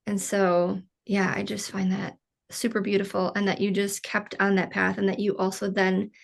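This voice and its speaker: A woman's voice: mid-range voice, little pitch movement, moderate pace, vocal fry. A woman hosting a casual podcast interview, talking earnestly with lots of "like" and "you know". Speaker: podcast host.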